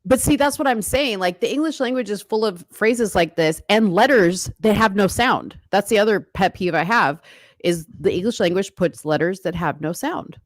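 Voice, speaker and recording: A woman's voice: mid-range voice, normal speed, no room sound. A woman co-hosting a casual live-stream chat, playfully teasing and questioning her co-host.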